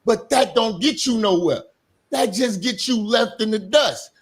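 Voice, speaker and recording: A man's voice: high voice, a little slow, slightly rough. A man lecturing emphatically and repetitively in a heated streamed debate. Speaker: debate guest.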